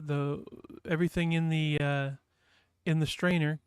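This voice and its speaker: A man's voice: fairly high pitch, little pitch movement, moderate pace, clear, resonant tone, dry recording, studio quality. A man from New Hampshire hosting a casual livestream chat, rambling and reading viewers' messages aloud. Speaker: livestream host.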